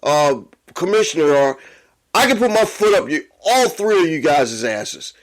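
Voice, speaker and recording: A man hosting a sports podcast, ranting angrily and swearing a lot as he gets worked up. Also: sits high. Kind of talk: profane sports rant.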